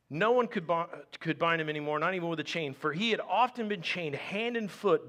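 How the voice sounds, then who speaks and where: A man with a bright, somewhat high voice preaching a sermon. He reads scripture aloud, then breaks into animated, joking asides as a pastor speaking to his congregation. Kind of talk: conversational sermon.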